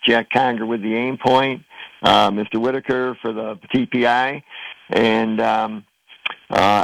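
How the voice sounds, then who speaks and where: A man's voice: mid-range voice, vocal fry, a bit bright, no room sound, poor audio. An older man, a golf tournament organizer, chatting upbeat on a radio show. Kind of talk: casual radio interview.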